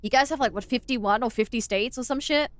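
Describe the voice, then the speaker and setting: A woman's voice: on the high side, fairly quick, dry recording. A young Australian woman streaming a game, chatting playfully with viewers, giggling and sounding out words as she rambles. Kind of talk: casual live-stream chat while gaming.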